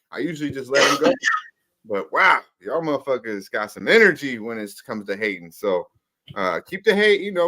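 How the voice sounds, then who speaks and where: A man's voice: medium pitch, fairly bright tone. A man co-hosting a live sports betting talk show, rambling and swearing through loose banter. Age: older. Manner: profane, laughing, rambling banter.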